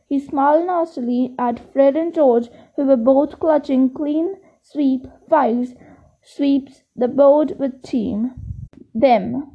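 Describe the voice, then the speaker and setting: A woman reads a storybook aloud in a high voice at a slow, careful pace. She stumbles now and then and restarts a word. The recording is dull and lo-fi. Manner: steady reading with occasional slips and restarts. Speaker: reader. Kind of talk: audiobook reading.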